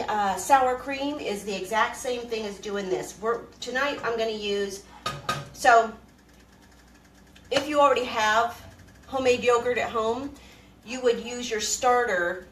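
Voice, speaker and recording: On a homesteading live stream from her kitchen, a woman with a fairly high voice cooks, rambles, and greets viewers by name. The audio, captured by a camera she moves around, is poor and roomy with a little hiss or hum.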